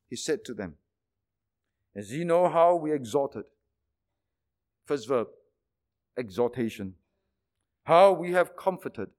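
A man preaching a sermon emphatically, with repeated phrases and rhetorical questions. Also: a little high.

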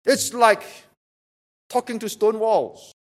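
A man's voice: sits high, takes it slowly. A man preaching a sermon, emphatic and repeating rhetorical questions to drive his point home.

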